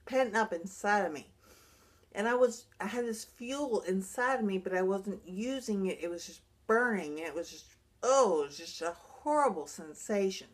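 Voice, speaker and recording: This is a personal vlog monologue from a middle-aged woman describing, with real earnestness, her recovery after a brain injury. Her voice is mid-range, and her delivery is halting, with many restarted sentences.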